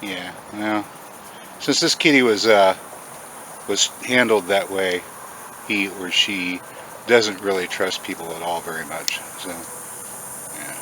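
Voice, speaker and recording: A man hosting a casual outdoor farm vlog, chatty, often breaking into a high sing-song voice to talk to animals. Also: slow pace, long pauses, sharp tone, a little hiss or hum. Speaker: farm channel host.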